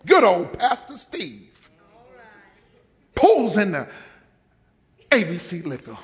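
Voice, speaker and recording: Animated high-voiced male pastor. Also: takes it slowly. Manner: animated storytelling, acts out voices, laughs often. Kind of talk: sermon.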